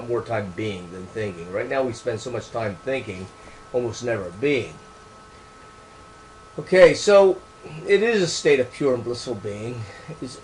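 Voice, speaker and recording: A man's voice: mid-range voice, slight background noise, low-quality recording. Rambling man talking about his book. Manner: rambling, repeats words for emphasis. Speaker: author explaining his book. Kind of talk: casual monologue to camera.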